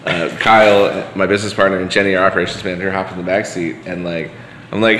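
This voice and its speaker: A man's voice: deep voice, little pitch movement, fast talker, a bit bright. A man talking as a podcast guest, telling stories in a loose, rambling way with lots of fillers and restarts. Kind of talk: casual conversation, storytelling. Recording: echoey room with long reverb and faint hiss.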